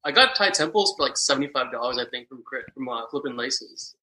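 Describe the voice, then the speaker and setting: A young man from Texas chats as a guest, his voice bright and forward. He wanders through his stories with loose fillers and easy asides. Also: medium pitch, quick pace, poor audio. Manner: relaxed, rambling storytelling with many fillers. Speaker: podcast guest. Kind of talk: casual chat.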